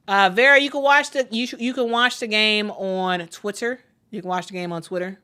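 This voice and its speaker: A woman calling a live basketball game for her stream, chatty and excitable, talking straight to her viewers. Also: medium pitch, a little fast, hardly any pauses, clear, resonant tone. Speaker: play-by-play commentator. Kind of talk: casual live play-by-play stream.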